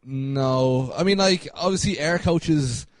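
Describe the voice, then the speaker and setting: A man's voice: on the high side, takes it slowly, dry recording. Laughing man telling a story. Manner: rambling, laughing, full of fillers. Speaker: podcast co-host. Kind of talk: casual storytelling chat.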